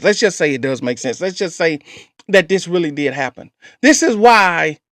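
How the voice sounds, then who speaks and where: Skeptical male host with a high voice. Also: no echo, clean studio sound. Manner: skeptical, repeats points for emphasis. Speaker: host reacting to a clip. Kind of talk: casual commentary.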